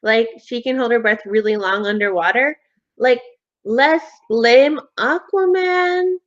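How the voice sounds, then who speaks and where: A woman voicing an excitable, cheerful ghost boy who talks in a giddy, squealing way. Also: measured pace, lo-fi sound, close to an everyday voice. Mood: chatty. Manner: squealing, giddy, high-pitched.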